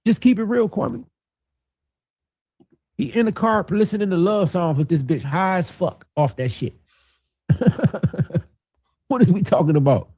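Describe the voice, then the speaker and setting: A man's voice: high voice, lively intonation, measured pace, pauses often, darkish tone, breathy edge, no echo. A man, throwing insults. The sound is dry and close, with no room around it. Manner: heated, insulting, profane. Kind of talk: angry rant in a played clip.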